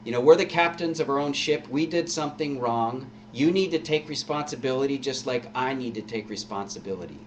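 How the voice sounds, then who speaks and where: A man's voice: medium pitch, fairly quick, hardly any pauses, lightly acted. A man voicing a remorseful male thief who rebukes another, heard from a distant mic with a faint hum. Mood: rebuking. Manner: rebuking, earnest.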